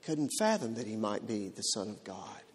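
A man preaching a sermon in a dramatic way, swinging from loud to hushed. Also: on the low side, sing-song, normal speed, husky. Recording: long hall reverb.

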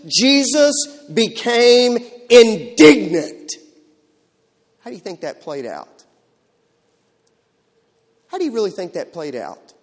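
A man preaching a sermon in a dramatic way, swinging from loud to hushed. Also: a little high, huge pitch swings, moderate pace, long pauses. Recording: long hall reverb.

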